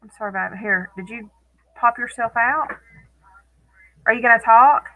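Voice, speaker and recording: A woman's voice: on the high side, moderate pace, pushed and bright, low-quality recording. A woman hosting a casual live stream from home, chatting with viewers by name and laughing often.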